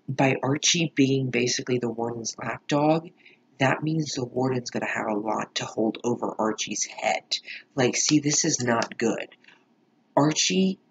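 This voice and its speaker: Gravelly husky man ranting. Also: mid-range voice, lo-fi sound. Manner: profane, rambling, emphatic. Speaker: show reaction vlogger. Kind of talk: casual reaction commentary.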